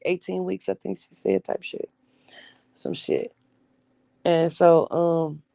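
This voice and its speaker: A woman's voice: on the low side, gravelly, mellow, no echo. A young adult woman candidly telling her own life story in blunt, profane everyday speech, acting out the voices of the people she quotes.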